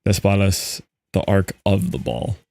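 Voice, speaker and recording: Young American male streamer, low-ish, casual and rambling, dead-dry close mic. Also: lively intonation, unhurried, creaky, warm tone, dry recording. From United States. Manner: rambling, explains things loosely with many "like"s. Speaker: gaming streamer. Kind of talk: casual chat while gaming.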